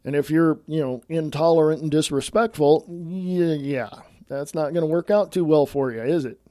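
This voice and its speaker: A man's voice: on the high side, normal speed, dark tone, dry recording, studio quality. A man hosting his own podcast, talking bluntly in a scolding, sarcastic monologue. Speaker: podcast host.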